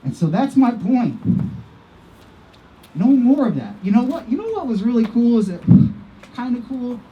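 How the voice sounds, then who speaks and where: A man's voice: very high-pitched, very animated, moderate pace, dull audio, slight background noise. A man from Iowa giving an earnest personal testimony as a speaker at an outdoor vigil, repeating himself as his feelings rise. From Iowa, USA. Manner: earnest, impassioned storytelling with repetitions.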